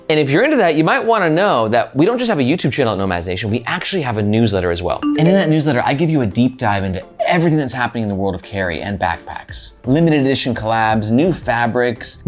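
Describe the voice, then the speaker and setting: A man hosting a casual backpack review vlog, upbeat and chatty with lots of "like" and "right?". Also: medium pitch. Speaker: gear reviewer, channel host.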